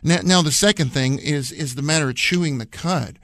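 A man's voice: a little high, fairly quick, fairly bright tone. A man co-hosting a radio Bible study, talking earnestly and repeating phrases to drive his points home. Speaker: radio program co-host and Bible teacher.

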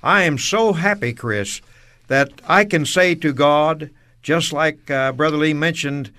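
A man's voice: on the high side, unhurried. Earnest male co-host on faith radio. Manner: earnest, warmly affirming. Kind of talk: religious radio discussion.

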